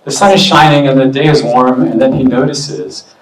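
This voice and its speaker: A man giving a relaxed, chatty talk as a medium to an expo audience, with many fillers. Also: mid-range voice, moderate pace, distant mic. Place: expo hall. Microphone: booming handheld or stand mic. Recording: echoey hall, mic heard from afar.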